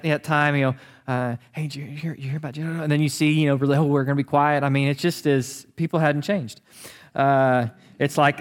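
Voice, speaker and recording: Animated man preaching a sermon. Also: fairly high pitch. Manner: animated, conversational preaching with restarts. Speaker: pastor.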